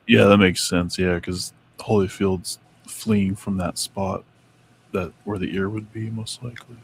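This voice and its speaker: A man's voice: sits low, steady tone, unhurried, gravelly, husky. A man co-hosting a casual talk, reading notes aloud and stumbling over names. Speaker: co-host reading Mandela effect notes. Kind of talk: casual chat.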